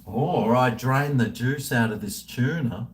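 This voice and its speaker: Here a man in his fifties talks a little slowly in a medium-pitched voice. He's livestreaming casually from indoors at home, rambling, self-deprecating, and chatting to himself over a drink.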